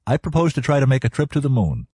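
A man voicing a calm young scientist who speaks evenly and with authority, in an audiobook. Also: medium pitch, breathy edge, dry recording, studio quality. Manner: even, measured, commanding. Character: calm adult male young scientist, dryly humorous.

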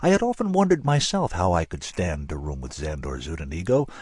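Brief: male audiobook narrator, low, husky, animated, dry close mic. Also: a little fast, dry recording. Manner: dry, wry storytelling.

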